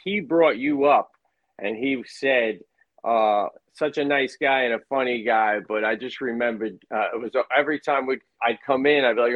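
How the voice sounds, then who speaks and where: A man who is a comedian guest on a podcast, chatting casually and launching into fast, worked-up rants. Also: medium pitch, dry recording, muffled recording. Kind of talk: casual chat.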